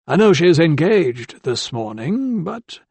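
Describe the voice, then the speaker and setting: An excitable, fussy old anatomist, as a male narrator puts him on in an audiobook. His lines come out higher and more drawn-out than the narrator's own voice, with a gravelly grain. The recording is dry and close. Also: no echo, heavily acted.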